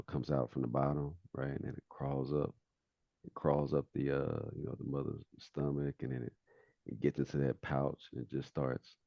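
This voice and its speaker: A man chatting in a discussion group, telling a funny anecdote in a halting way with false starts. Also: rumbling low, vocal fry, dark tone, dry recording, highs cut off. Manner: halting, storytelling with restarts. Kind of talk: casual discussion.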